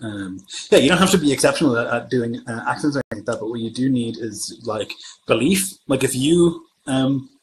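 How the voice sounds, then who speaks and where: A man's voice: medium pitch, expressive, brisk, slight background noise, rough recording. A man from Germany who runs tabletop games, chatting casually on a livestream and thinking aloud as he answers viewer comments. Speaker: game master.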